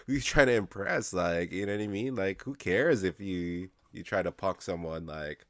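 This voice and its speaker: Deep-voiced laid-back man. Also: moderate pace, a bit bright, no echo. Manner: laid-back, slangy, many fillers like "you know what I mean". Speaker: podcast co-host. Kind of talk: casual chat.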